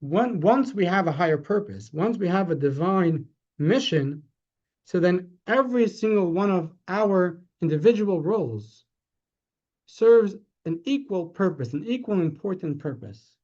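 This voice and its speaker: A man gives a storytelling lecture as a rabbi. His voice sits a little high but sounds mellow. He talks conversationally, corrects himself, and grows animated and climbs higher when he drives a point home, on a dull lo-fi recording. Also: measured pace. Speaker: rabbi teaching a class.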